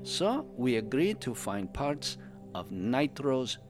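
Over music, a man voices a cheerful male pandaren adventurer, a doting husband, telling his story in character for a fan podcast. He speaks very animatedly and slowly at medium pitch, in broken English that drops articles and verb endings.

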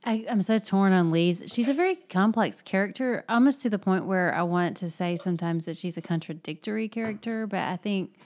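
A woman in a casual book discussion, retelling scenes in a lively, chatty way. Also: mid-range voice, fairly quick, hardly any pauses.

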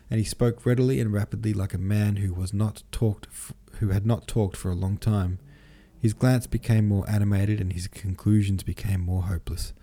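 A man narrating a classic novel in a steady, measured reading as a podcast host. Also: lowish voice. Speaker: audiobook podcast host and reader. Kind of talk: scripted literary narration.

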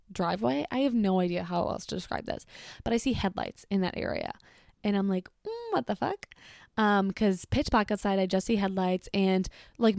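A young woman casually telling a personal story, chatty and animated, filling her sentences with "like". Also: mid-range voice, dry recording, clean studio sound. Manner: chatty, heavy use of "like", animated retelling.

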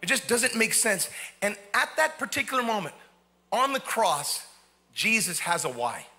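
A man's voice: high-pitched, big pitch swings, normal speed, bright, forceful tone. A man preaching a sermon from a church, impassioned, rising into cries when he voices believers' words. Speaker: pastor. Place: church sanctuary.

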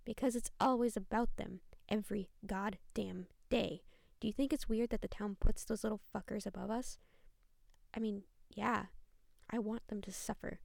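Bitter smoker teen girl, gravelly and growling; woman reader doing her, dry close sound. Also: mid-range voice, steady tone, normal speed, darkish tone, no room sound. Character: bitter, angry teenage girl who smokes.

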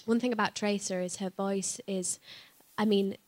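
A woman's voice: medium pitch, steady tone, normal speed. Chatty woman voice actor on a panel. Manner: chatty, laughs often, playful. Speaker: voice actor guest on a live panel. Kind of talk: casual panel Q&A.

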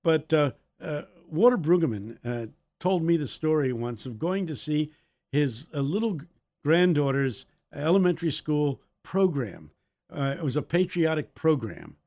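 A man's voice: fairly high pitch, a little mellow. A man co-hosting a podcast, telling anecdotes in a casual faith discussion. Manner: anecdotal storyteller. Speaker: podcast co-host.

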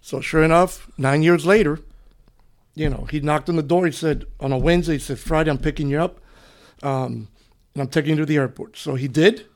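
Middle-aged man telling stories, slightly high. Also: brisk. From Cuba. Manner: relaxed, rambling, often says "you know". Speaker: interview guest, retired police officer. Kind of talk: conversational storytelling.

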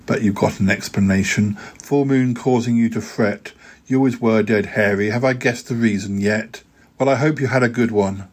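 A man's voice: lowish voice, moderate pace. A podcast host reading his own rhyming poems aloud in a rhythmic, sing-song way, with hesitant fillers when chatting.

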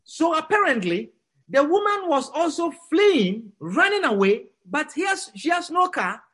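A preacher with a high voice relates a story to his congregation, very animated yet unhurried. He voices the characters with sweeping changes in pitch, going from near-whispers up to near-shouts.

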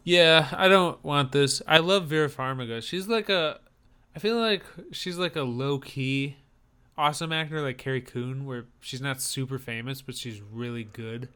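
A man's voice: medium pitch, moderate pace, pushed and bright, clear, resonant tone. A man from the northern United States co-hosting a casual chat about trailers, rambling and enthusiastic with a joking streak. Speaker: podcast co-host.

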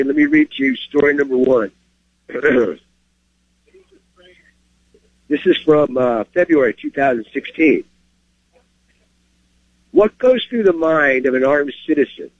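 A man's voice: mid-range voice, no echo, highs cut off. A man hosting a firearms segment, explaining carry rules in a plain, emphatic way and reading short stories aloud with his own comments. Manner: plain-spoken, emphatic, checks in with "okay?". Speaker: firearms instructor and show host. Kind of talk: instructional talk and story reading.

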